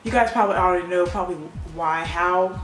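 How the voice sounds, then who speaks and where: A young woman in a mid-pitched voice rambles casually to the camera, tacking "and stuff and everything" onto her sentences. The sound is roomy and echoey, with faint music in the background. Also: fast talker. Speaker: vlogger, co-host with her twin.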